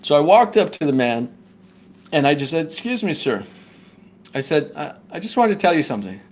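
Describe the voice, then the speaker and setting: A man's voice: a little high, lively intonation, quick pace. A man speaking as a podcast guest, telling a personal story earnestly and often checking in with "right?". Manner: earnest, tags points with "right?". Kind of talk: casual conversational storytelling.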